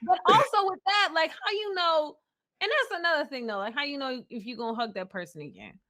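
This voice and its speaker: A young woman co-hosting a casual podcast, with a bright, forceful tone. She talks openly and emotionally, laughing often and owning up to how easily she tears up. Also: high-pitched, animated, a little fast. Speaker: podcast co-host. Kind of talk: casual chat.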